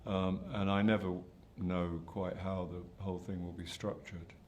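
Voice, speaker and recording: Low-voiced older actor, self-deprecating. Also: male voice, little pitch movement, measured pace, a little mellow, a little hiss or hum. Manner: hesitant, self-deprecating, many restarts. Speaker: actor being interviewed. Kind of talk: press junket interview.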